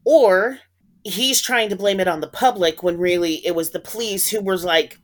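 A young adult woman co-hosting a podcast, chatting casually and reacting quickly to her co-host. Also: medium pitch. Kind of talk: casual chat.

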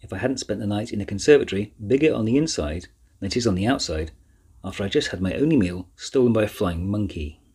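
A man's voice: lowish voice, animated, quick pace, darkish tone, husky. A man voicing a guarded young girl in a storybook reading, wary and clipped.

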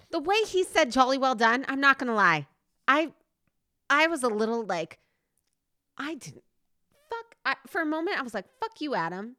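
A woman in her thirties co-hosts a casual podcast, her voice bright and ringing as it swoops up and down. She rambles with plenty of fillers and bursts into laughter, and the sound is close and dry. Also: a little high, no room sound. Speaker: podcast co-host. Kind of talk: casual chat.

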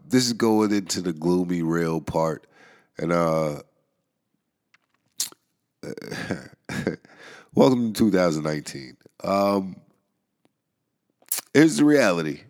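A man hosting a podcast in a casual monologue, nasal and stuffy from a cold, rambling wryly and chuckling between thoughts. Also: low voice. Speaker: podcast host. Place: New York area.

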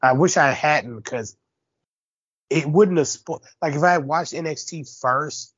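A middle-aged man hosting a podcast, talking bluntly and profanely with quick jabs. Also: on the high side, fairly bright tone, slightly rough, no room sound, dull audio. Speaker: podcast host. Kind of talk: casual chat.

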